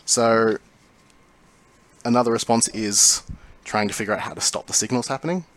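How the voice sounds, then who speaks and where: A man narrating a tabletop role-playing game as game master, describing scenes in a calm, measured way. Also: lowish voice.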